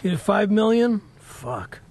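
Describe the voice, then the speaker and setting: High, gravelly, gruff man. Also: big pitch swings, a little slow, a crowd in the background. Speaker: podcast co-host. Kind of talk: casual comedy banter.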